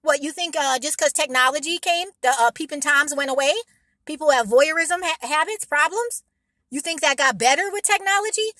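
A woman's voice: sits high, normal speed, sharp tone, dry recording. A woman vlogger giving rambling, emphatic advice to her viewers in a casual monologue, blunt and sometimes swearing.

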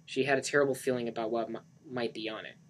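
A man's voice: medium pitch, steady tone, quick pace, slight background noise. A man narrating a novel aloud in a dramatic book reading, with occasional slips. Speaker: reader of a novel.

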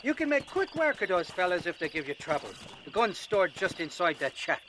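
An actor playing a crude, rambling Irish arms dealer with a thick brogue in a western video game. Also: male voice, high voice, sing-song, brisk, fairly bright tone. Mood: scheming. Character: boastful crude Irish arms dealer, middle-aged man. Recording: game audio under background noise.

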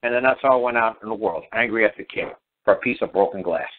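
A man's voice: on the low side, quick pace. Rambling man on a tinny phone line. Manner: rambling, repeats words, acts out quoted dialogue. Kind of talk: casual storytelling talk.

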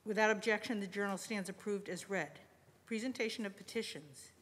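Woman chairing a session in an echoing hall. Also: mid-range voice. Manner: measured, formal chairing. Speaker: presiding officer. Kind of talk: formal parliamentary procedure. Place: large legislative chamber. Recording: long reverb of a large chamber.

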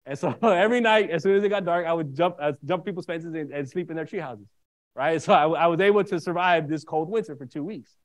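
A man preaching a sermon, telling a personal story in an animated way and often checking in with his listeners. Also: fairly high pitch, a little fast. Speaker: minister.

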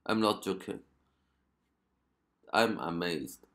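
Reaction host, male, low gravelly voice, unhurried halting English. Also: expressive, a bit bright. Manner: halting non-native English, amazed exclamations. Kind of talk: casual commentary.

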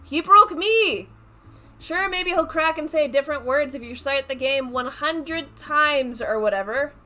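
A young woman recording a let's play, reading the game's text aloud and bursting into loud swearing. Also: sits high, normal speed. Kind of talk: casual gameplay commentary.

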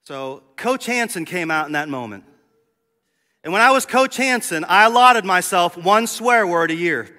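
A man preaching a sermon in a church sanctuary, his voice bright and pitched high. He tells a story with animated, acted-out dialogue. The sound carries a long reverb from the hall. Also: normal speed. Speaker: pastor.

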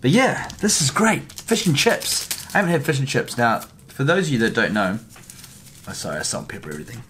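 A man vlogging casually to camera from a hotel room, chatty and excitable, laughing often. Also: mid-range voice, a little fast, a little hiss or hum. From New Zealand. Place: hotel room during quarantine.

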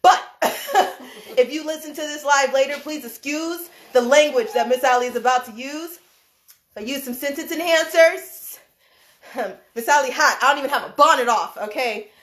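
A woman with a high voice rants on a live stream from a room indoors. She is animated and laughs often, and she swears while she repeats her points for emphasis. Her phone mic picks up a roomy echo. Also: normal speed. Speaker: livestream host, dance choreographer. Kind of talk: heated livestream rant. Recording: echoey room.

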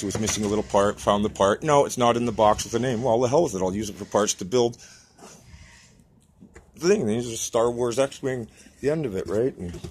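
A man's voice: lowish voice, a little hiss or hum. A man from Canada ranting in a rambling vlog from his workshop, swearing constantly and agitated as he shows off his model builds. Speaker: self-employed model builder.

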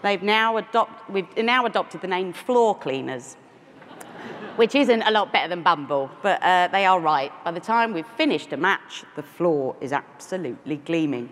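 A woman's voice: on the low side, lively intonation, moderate pace. A woman in her forties from London, with a London accent, giving a conference keynote full of self-deprecating asides and restarts. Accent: London English. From London, England. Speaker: keynote speaker. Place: large conference hall. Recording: echoey hall with faint noise.

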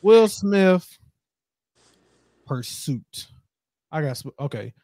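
A man hosting a podcast, ranting in casual chat, animated and heavy with profanity. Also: fairly high pitch, extremely slow, no echo, studio quality. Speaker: podcast host.

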